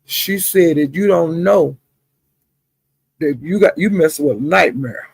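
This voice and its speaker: A woman runs her live stream like a kitchen-table gossip session, greeting viewers one by one and dropping "honey" and "child" as she goes. Her voice is gravelly and husky, with a slight rasp at the bottom of her range. The sound is dry and close, with almost no room in it. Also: low-pitched, unhurried, darkish tone, no room sound. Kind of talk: casual gossip commentary. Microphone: streaming setup.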